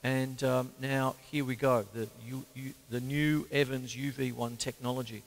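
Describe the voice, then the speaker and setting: A man, a drummer demonstrating his drumheads in a plain, halting way with many fillers. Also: medium pitch, level tone. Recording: reverberant room.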